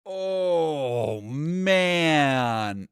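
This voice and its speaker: A man's voice: a little high, expressive, extremely slow, clear, resonant tone, no room sound, clean studio sound. A man live-streaming casual reaction commentary, sarcastic and exasperated and swearing freely.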